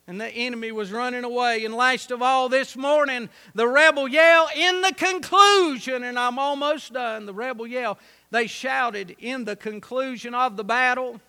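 Gravelly high-voiced preacher. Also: male voice, fairly even intonation, moderate pace. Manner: storytelling sermon, rising to loud emphatic peaks. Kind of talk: sermon.

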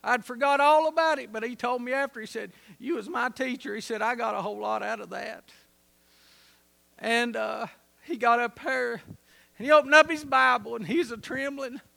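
A man preaching a sermon, telling a story and building to loud, emphatic peaks. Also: extremely high pitch, moderate pace, creaky.

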